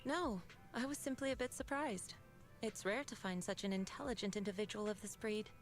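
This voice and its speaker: An actress voicing a calm, composed young woman mystic in a game, speaking in a measured, formal way. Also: medium pitch, close to an everyday voice. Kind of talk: game voice acting. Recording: game audio with faint music.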